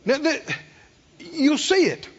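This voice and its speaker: A man preaching a sermon with energy. He throws questions to the congregation and acts out the quoted voices with big swings in loudness. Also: extremely high pitch, takes it slowly, highs cut off. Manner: animated preaching with call-and-response questions to the congregation. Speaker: pastor.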